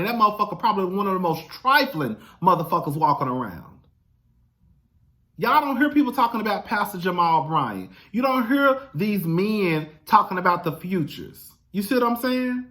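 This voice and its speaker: A man's voice: sits high, a bit bright. A man talking in a casual monologue, blunt, profane and emphatic, who keeps addressing his listener as "girl". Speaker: vlogger.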